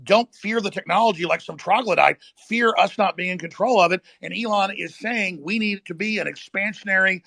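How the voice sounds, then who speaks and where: Ranting guy host, raspy gravel, dead dry mic. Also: high-pitched, pushed and bright, no echo. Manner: fast ranting, emphatic. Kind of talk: heated political talk.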